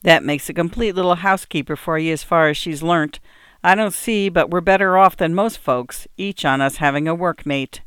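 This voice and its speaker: A woman's voice: on the low side, normal speed, fairly bright tone, clear, resonant tone, no room sound, studio quality, close to an everyday voice. A woman doing a kindly old-time farmer man. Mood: gentle. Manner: old rural dialect speech, earnest and homely. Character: kindly hardworking farmer man, cheerful yet grieving.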